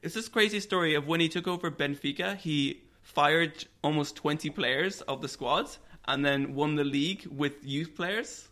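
A man's voice: on the high side, moderate pace, hardly any pauses, bright, forceful tone. A man co-hosting a podcast, telling football history stories in a casual, chatty way. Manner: storytelling, laughs often. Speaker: podcast co-host.

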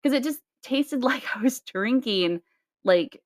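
A woman's voice: a little high, animated, unhurried, no room sound, studio quality. Profane, chatty woman podcast co-host. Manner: loose, profane storytelling with sighs and laughs. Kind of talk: casual chat.

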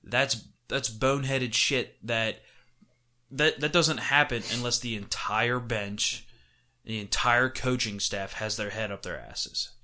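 A man co-hosting a casual sports podcast, telling stories in a heated, animated way and swearing freely. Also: medium pitch, slow. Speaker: podcast co-host. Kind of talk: casual chat.

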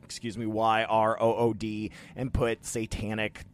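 A man co-hosting a casual podcast, telling stories in a rambling, animated way with frequent laughs. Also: on the low side, a little slow. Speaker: podcast co-host. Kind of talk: casual chat.

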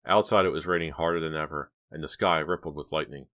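A man narrating an audiobook in an even, measured storytelling manner. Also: very deep voice. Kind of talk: scripted narration.

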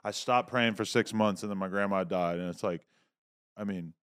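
Deep-voiced man, dry and skeptical. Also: normal speed, fairly bright tone, clean tone, no echo. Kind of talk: casual podcast chat.

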